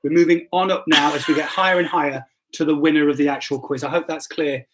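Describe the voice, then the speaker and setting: A man's voice: a little high, steady tone, fast talker, background noise. A man, a pastor hosting a casual church livestream, reading out quiz results in a joking, self-deprecating way. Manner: jokey and self-deprecating, stumbles and apologizes. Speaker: pastor hosting a live stream.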